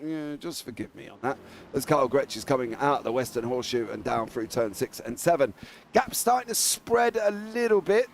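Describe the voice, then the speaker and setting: English man, gravelly, sim race commentator, teasing and excitable. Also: a little high, a little hiss or hum. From England. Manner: excitable, teasing, shouts at drivers.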